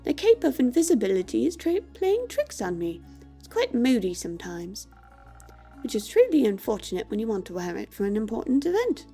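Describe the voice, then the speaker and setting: A woman's voice: on the high side, wildly swooping pitch, fairly quick, mellow, faint music behind. A woman voicing a vain, fussy male vampire who speaks theatrically and melodramatically, reading a game aloud. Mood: dramatic. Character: vain dramatic male vampire, fussy about his cape.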